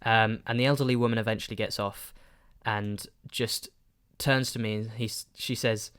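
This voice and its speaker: A man's voice: fairly low pitch, normal speed, clear, resonant tone. A man, casually telling a podcast story with rambling asides and fillers. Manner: rambling, animated, lots of fillers. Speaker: podcast host.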